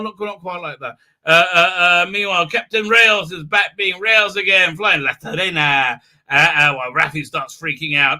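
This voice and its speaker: A man rambles through a live stream recap, full of "uh"s and mocking impressions. His voice sits high and rings very bright. He bursts into sound effects and mock voices. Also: moderate pace. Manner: animated, mocking, acts out scenes with silly voices and sound effects; many hesitation fillers.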